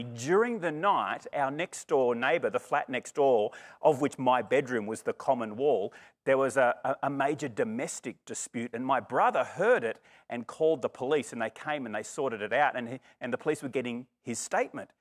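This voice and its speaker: A middle-aged man preaching a sermon, lively and expressive, acting out the voices in the story. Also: mid-range voice. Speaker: pastor.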